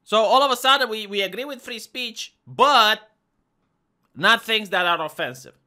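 A Romanian live streamer with a Romanian accent delivers an argumentative, casual monologue, often repeating words as he restarts. His voice sits high and sounds animated, bright and forceful, at a moderate pace.

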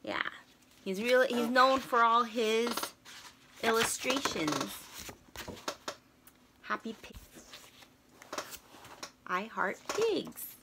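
A woman reading a picture book aloud to children, gently explaining the pictures as she goes. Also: a little high, lively intonation, drawn-out words, long pauses, background noise. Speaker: storybook reader. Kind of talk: children's read-aloud narration.

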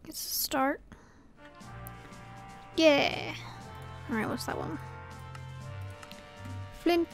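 A woman's voice: high-pitched, very slow, creaky, pauses often, soft background music. A woman from Scotland commentating her gameplay casually, muttering to herself and often dropping to a whisper. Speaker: gaming channel host.

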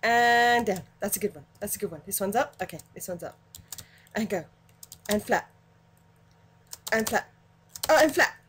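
A woman giving excitable, giggly let's play commentary, cheerfully cursing at the game. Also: medium pitch, moderate pace, pauses often, a little hiss or hum. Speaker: gaming channel host.

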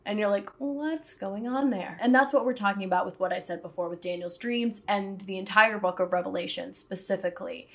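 A woman's voice: mid-range voice, fast, hardly any pauses, fairly bright tone. A woman talking to camera in a casual, sassy way, with jokey asides. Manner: sassy, self-aware. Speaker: video essayist.

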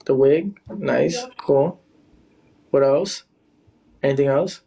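A man's voice: mid-range voice, slow, gravelly, warm tone, slightly rough. A man on a casual livestream who taunts his rival and calls out to his viewers. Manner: taunting, teasing, calling out to viewers. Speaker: livestreamer in a live battle.

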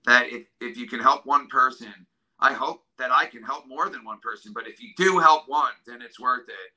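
A middle-aged man from New York State, talking in an interview about hard times in an earnest, halting way that keeps getting emotional. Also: mid-range voice, sharp tone, low-quality recording. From New York State, USA. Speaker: drummer and guest.

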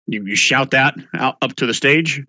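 A man narrating as game master in a tabletop game, casual and halting. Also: mid-range voice, bright, forceful tone, no echo. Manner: halting, casual, many restarts.

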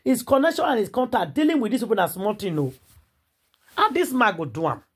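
A Nigerian woman tells celebrity gossip with lively, swooping intonation. Her voice has a husky edge, and she repeats phrases and slips into the voices of the people in her story. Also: on the high side, a little fast. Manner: acts out quoted people, repeats words for emphasis. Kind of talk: animated gossip storytelling in pidgin.

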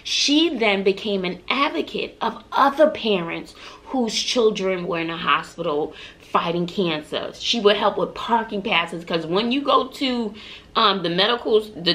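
A middle-aged woman from Texas talks straight to her viewers in a chatty, heartfelt vlog. Her voice sits at an ordinary middle pitch, and she sounds earnest and a little emotional as she shares encouraging stories. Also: fairly bright tone. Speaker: vlogger. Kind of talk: heartfelt motivational storytelling.

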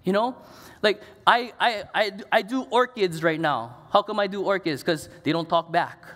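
A middle-aged man delivers a sermon in a chatty, storytelling way, full of casual asides. His voice sits fairly high for a man. A long reverb trails his words through a church sanctuary. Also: normal speed, a bit bright. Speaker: pastor.

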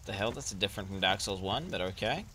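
A man streaming a video game with casual commentary, excitable and sarcastic, swearing a lot. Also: on the low side, quick pace, noisy background.

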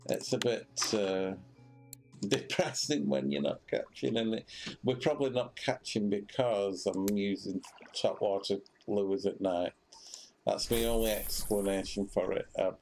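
A man's voice: lowish voice, fairly even intonation, a little slow, a little mellow, soft background music. A man giving casual commentary while streaming a fishing game, rambling with many fillers and restarts.

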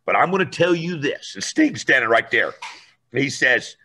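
A man telling a story in a lively, animated way, acting out voices and raising his voice for effect. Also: mid-range voice, moderate pace, husky.

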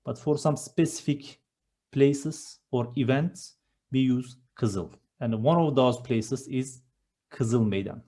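A man's voice: mid-range voice, dark tone. A man teaching vocabulary, patiently repeating each word and explaining how it is pronounced. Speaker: language teacher. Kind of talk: slow vocabulary lesson with picture slides.

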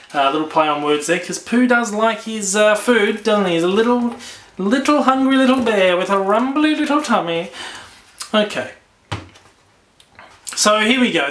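Casual Australian male book reviewer, upbeat, fairly high voice, echoey room. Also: fairly bright tone. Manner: enthusiastic, repeats words.

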